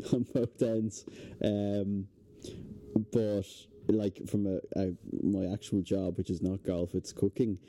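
A young Irish man talks as a podcast guest, his voice low and very dark. He tells stories in a relaxed, rambling way, with plenty of fillers. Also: slow pace. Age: young adult. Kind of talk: casual chat. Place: indoors, hotel podcast setting.

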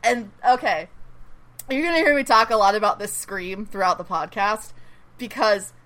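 Excitable, bright-voiced woman podcaster. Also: mid-range voice, normal speed. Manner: excitable, swears freely, laughs a lot. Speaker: podcast host. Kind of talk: casual TV episode recap chat.

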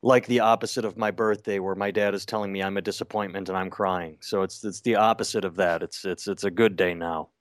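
Deadpan comedian guest, lowish voice. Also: male voice, a little fast, hardly any pauses, dry recording. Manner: deadpan, self-mocking humor. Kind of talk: casual podcast interview.

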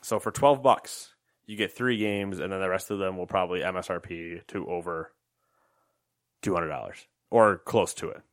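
A young man co-hosts a relaxed gaming news podcast, rambling and cracking jokes between the headlines. His voice sits low. It sounds dry and close, with no room around it. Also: moderate pace, no room sound. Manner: joking, rambling, lots of fillers. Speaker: podcast co-host. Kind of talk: casual gaming news chat.

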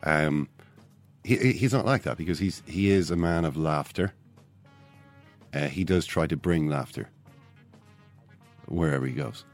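An Irish man hosting a sports podcast, talking in a mock-solemn, deadpan way. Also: very deep voice, unhurried, long pauses, soft background music. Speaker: podcast host. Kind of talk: deadpan mock-serious chat.

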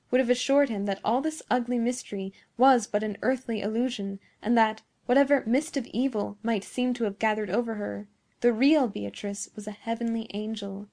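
A woman with a fairly high voice reads a classic tale aloud. She keeps a measured, even storytelling pace. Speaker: audiobook narrator. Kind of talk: scripted narration.

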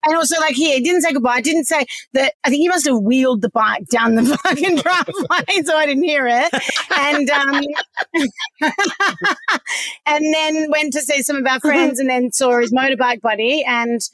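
A woman's voice: high voice, a little slow, fairly bright tone, no room sound. An Australian woman in her forties, candidly telling a personal story, swearing freely and laughing through hard memories. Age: 40s. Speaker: podcast guest.

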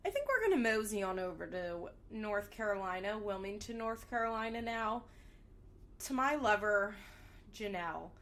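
A woman's voice: mid-range voice, very animated, moderate pace, fairly bright tone. A young woman casually recapping a reality show, candid and sarcastic, swearing freely as she gossips about the cast.

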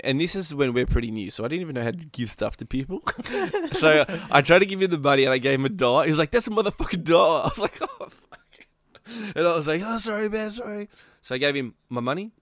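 Guy, relaxed rambling storyteller, dry close recording. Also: medium pitch, fast, dry recording. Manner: laid-back, rambling, laughs often. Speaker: gamer recounting a roleplay session. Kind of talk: casual storytelling chat.

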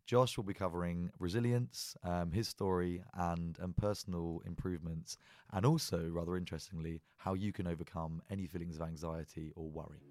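A man's voice: low-pitched, steady tone, brisk, darkish tone. A man hosting a podcast, chatty and rambling with many ums as he introduces his guest. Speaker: podcast host.

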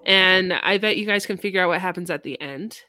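A woman's voice: lowish voice, fairly quick, pushed and bright. A woman co-hosting a podcast, recommending a book in casual, rambling chat with many fillers. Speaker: podcast co-host.

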